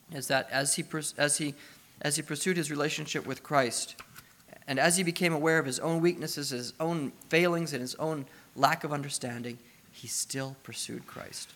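Gravelly-voiced man preaching. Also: a little high, fairly even intonation, moderate pace, fairly bright tone. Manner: conversational preaching with rhetorical questions, swelling to emphatic. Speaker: pastor. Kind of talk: sermon.

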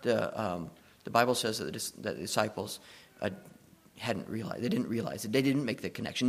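A man preaching a sermon, retelling a story and swinging between hushed passages and emphatic ones. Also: lowish voice, lively intonation, fairly quick.

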